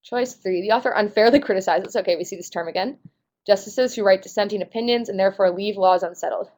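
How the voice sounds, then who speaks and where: A woman's voice: medium pitch, fast talker, darkish tone. A young woman, a test prep tutor, explaining answer choices in a casual, lightly self-mocking way.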